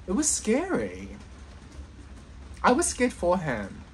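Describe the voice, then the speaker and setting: Excitable woman vlogger, casual chat, very animated pitch, unhurried delivery. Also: a little hiss or hum. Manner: enthusiastic and excitable, giggly.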